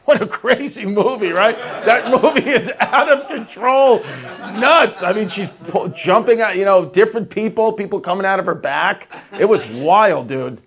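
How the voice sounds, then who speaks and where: A man's voice: high-pitched, lively intonation, normal speed, hardly any pauses, a bit bright. A male stand-up comedian doing rambling, self-mocking crowd work on a club stage. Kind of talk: stand-up set. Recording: audience laughter throughout.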